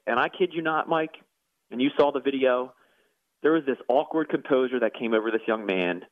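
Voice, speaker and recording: A man's voice: mid-range voice, fairly quick, dry recording. Earnest man telling his story down a phone line. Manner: earnest, preacherly, repeats words when moved. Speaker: guest, former professional soccer player and pastor. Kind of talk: emotional personal testimony. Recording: tinny phone-line sound.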